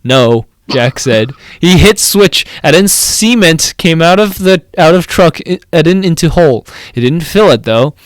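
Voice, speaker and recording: A man's voice: a little high, expressive, unhurried, few pauses, dry recording. A young man co-hosting a comedy podcast, reading a badly written fan story aloud, stumbling over its misspellings and breaking into banter.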